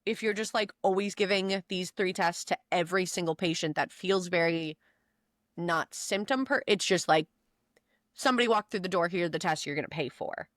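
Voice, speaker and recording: A woman's voice: on the low side, moderate pace, fairly bright tone, no echo, clean studio sound. A woman co-hosting a podcast, chatting casually and rambling through her own stories, often restarting her sentences. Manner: rambling storyteller, restarts and quotes herself. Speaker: podcast co-host. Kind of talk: casual chat.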